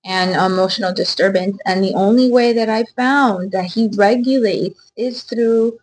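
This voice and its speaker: A woman's voice: mid-range voice, normal speed, low-quality recording. A woman in a casual chat, telling a personal story in an earnest way.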